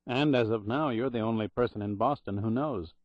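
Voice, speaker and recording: Narrator as a low-key, guarded agent type, measured and quiet, dry muffled audiobook sound. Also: male voice, no echo, close to an everyday voice. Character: calm, guarded man posing as government official.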